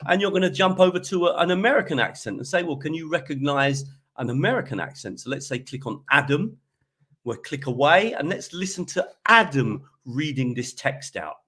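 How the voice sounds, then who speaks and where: A man's voice: fairly high pitch, big pitch swings, normal speed, a bit bright, slightly rough. A man giving an online teaching presentation while sharing his screen, chatty and often checking in with "okay?". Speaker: teacher trainer presenting a webinar.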